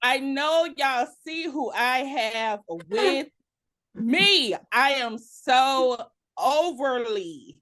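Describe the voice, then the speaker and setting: A woman's voice: high voice, expressive, very slow, fairly bright tone. A woman hosting an interview show, talking in a bubbly, hyped, enthusiastic way. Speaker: host.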